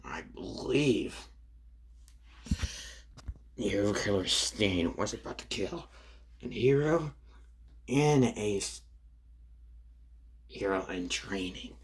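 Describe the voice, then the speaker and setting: A man's voice: fairly low pitch, animated, slow pace, pauses often. A man doing a cold, furious boy hero. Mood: cold anger.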